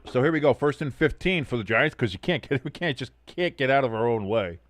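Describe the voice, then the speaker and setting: A man's voice: medium pitch, lively intonation, fairly quick, no room sound. A man hosting a casual football watch-along stream, calling plays and reading chat aloud with sardonic, profane humor. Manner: sardonic, swears a lot, reads chat aloud. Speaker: sports stream host.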